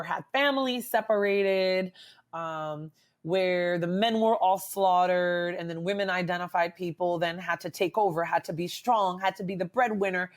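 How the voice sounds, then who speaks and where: Speaking in a voice on the low side, a female psychologist chats as an interview guest. Her delivery is lively, packed with filler words and tag questions.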